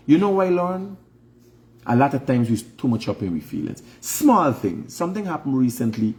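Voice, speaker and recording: A man's voice: medium pitch, big pitch swings, normal speed. Emphatic Guyanese man lecturing. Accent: Guyanese Creole English. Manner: emphatic, lecturing, swings up into loud rhetorical questions. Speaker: online show host. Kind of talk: preachy casual livestream monologue.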